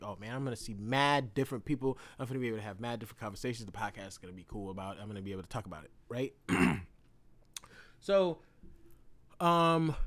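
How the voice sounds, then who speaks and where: A man hosting a podcast, telling a story in a loose, slangy way with plenty of swearing. He swings between loud bursts and low mumbles. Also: dry recording. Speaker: podcast host. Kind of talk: casual storytelling monologue.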